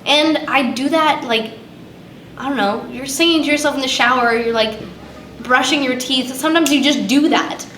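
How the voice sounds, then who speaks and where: A young woman fumbles through her answers with lots of "like" and trailing thoughts. She speaks a touch high, her voice bouncing around an echoey convention room with steady background noise. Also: moderate pace. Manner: rambling, hesitant, full of "like". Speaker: voice actress guest. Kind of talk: press conference answers.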